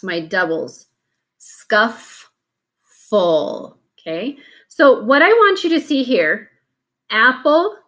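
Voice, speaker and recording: A woman's voice: medium pitch, pushed and bright. A woman teaching a phonics lesson, patiently sounding out letters one at a time and breaking words into syllables.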